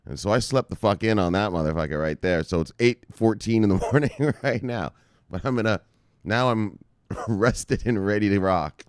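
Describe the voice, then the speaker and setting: A man hosting a casual crypto market news show, excitable and profane, laughing as he talks. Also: lowish voice, moderate pace, no echo, clean studio sound.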